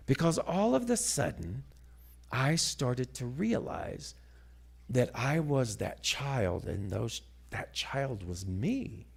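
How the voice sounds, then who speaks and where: A man telling a story as a sermon, dramatic and animated, dropping to hushed asides. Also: mid-range voice, slow pace, vocal fry, breathy edge. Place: church sanctuary.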